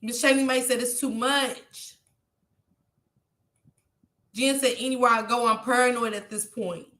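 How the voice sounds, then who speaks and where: A woman talks straight to her viewers, impassioned and close to tears, pausing to read out their comments. Her voice sits high and bright. The room around her is echoey. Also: steady tone. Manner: impassioned, preachy, reads out chat comments. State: tearful. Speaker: YouTube vlogger. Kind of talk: emotional livestream talk to viewers.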